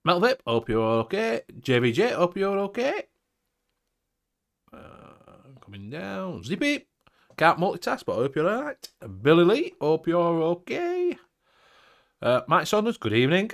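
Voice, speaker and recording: A man's voice: high voice, huge pitch swings, measured pace, gravelly. A man hosting a casual livestream chat, joking, swearing freely and greeting viewers by name. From United Kingdom. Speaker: host.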